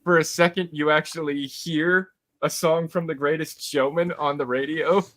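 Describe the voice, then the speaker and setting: A man with a fairly high voice drops short details about film scenes into a relaxed podcast chat. He speaks in brief asides. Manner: adds quick scene details. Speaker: podcast panelist. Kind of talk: casual movie review chat.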